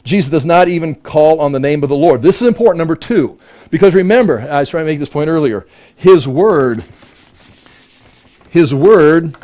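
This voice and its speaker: Brief: man, Bible teacher, slightly high voice, emphatic and lively, restarts phrases as he thinks. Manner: animated, emphatic, repeats words as he thinks aloud.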